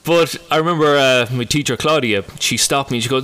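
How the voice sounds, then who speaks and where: A man's voice: medium pitch, a little fast, a bit bright, clear, resonant tone. Self-deprecating Irish Midlands man. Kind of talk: casual chat.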